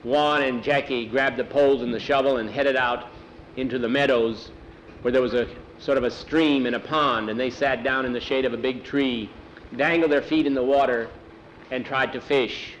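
Male storyteller, folksy unhurried narration, middle pitch, faint road noise behind. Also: fairly even intonation, fairly bright tone, lo-fi sound. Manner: plain, unhurried folksy telling. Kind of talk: oral storytelling.

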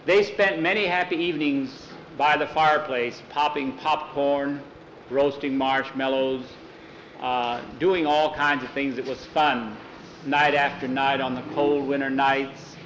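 A man telling a story aloud in a folksy, unhurried way, with small restarts and slips. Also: mid-range voice, steady tone, a bit bright, a little hiss or hum, rough recording. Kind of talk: casual oral storytelling.

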